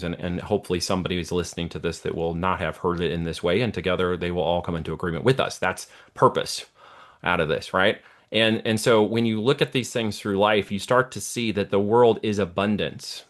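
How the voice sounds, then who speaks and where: Middle-aged guy preaching about mindset, low voice, keeps asking "okay?". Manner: preachy, checks in with listener often. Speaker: guest, entrepreneur. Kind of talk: motivational talk in an interview.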